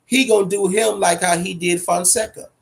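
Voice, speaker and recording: Male boxing host with a raspy, high-pitched voice; swears freely and hammers his points home. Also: steady tone, normal speed. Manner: profane, emphatic, repeats himself. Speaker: boxing talk show host. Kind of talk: casual boxing commentary rant.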